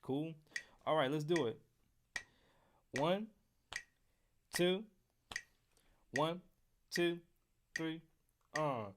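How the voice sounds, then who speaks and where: A man's voice: a little high, drawn-out words, long pauses, noisy background. An American man teaching trumpet scales on a live stream, casual and joking with the chat. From United States. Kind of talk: live-streamed music lesson.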